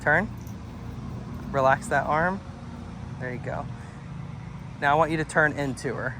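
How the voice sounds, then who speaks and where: A man working as a dog trainer, coaching an owner outdoors with calm instructions and frequent praise. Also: a little high, measured pace, noisy background. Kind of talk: hands-on coaching. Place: outdoors at a house doorway and yard.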